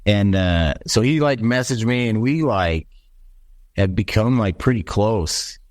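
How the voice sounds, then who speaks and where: A man's voice: lowish voice, animated, unhurried, dry recording, clean studio sound. A young American man with an American accent, a guest chatting in a friendly, loose way. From United States. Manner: friendly, casual, says dude and like a lot. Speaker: podcast guest. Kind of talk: casual interview chat.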